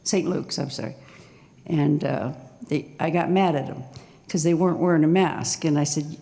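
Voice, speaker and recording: A woman in her sixties telling her own story on stage at a live storytelling night, nervous and halting, with small laughs. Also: low voice, vocal fry, warm tone, big-room sound.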